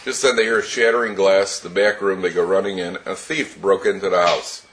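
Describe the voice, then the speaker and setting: A man's voice: sits low, steady tone, fairly quick, fairly bright tone, slight background noise. A man teaching a Torah class, telling stories with many restarts and chuckles.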